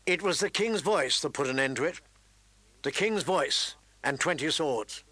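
A man reading a story aloud as narrator, with dramatic emphasis and raised voice for shouted lines. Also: fairly high pitch, dry recording. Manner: reads with dramatic emphasis, raising voice for shouted quotes. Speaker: audiobook narrator. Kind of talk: scripted narration.

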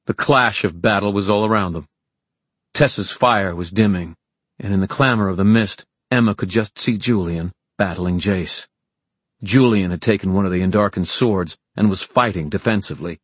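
A man reads an audiobook with dramatic, measured narration. His voice is very deep and husky, and the sound is dry and close. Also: dry recording. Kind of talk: scripted narration.

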